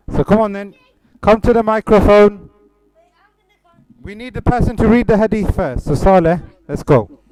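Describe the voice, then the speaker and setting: A man teaching children a hadith lesson. He opens with a quick Arabic invocation and keeps prompting the kids with questions. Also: high voice, a little mellow, slight background noise, low-quality recording.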